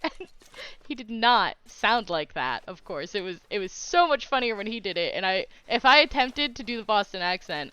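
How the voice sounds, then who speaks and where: A woman's voice: a little high, sharp tone, clear, resonant tone, no echo. A young woman chatting casually while streaming a game, telling stories and laughing often. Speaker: live streamer.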